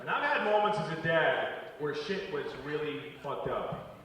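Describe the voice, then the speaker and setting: A man's voice: a little high, animated, moderate pace, distant mic, slight background noise. A man in his forties doing a profane, exasperated stand-up comedy set on stage. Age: 40s. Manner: profane, exasperated storytelling with loud outbursts. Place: live comedy venue on stage. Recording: echoey live hall recording with crowd. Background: roaring audience laughter.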